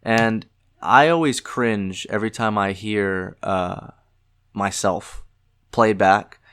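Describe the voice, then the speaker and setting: Southern US man, young adult, slightly low-pitched and nasal; solo podcast host who stumbles and fills with "um". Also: a bit bright, clean tone. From American South. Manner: halting, many filler words and restarts.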